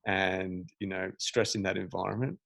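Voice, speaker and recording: Male meditation teacher, podcast guest; low, gravelly, animated and emphatic. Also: moderate pace, no room sound. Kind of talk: casual podcast conversation.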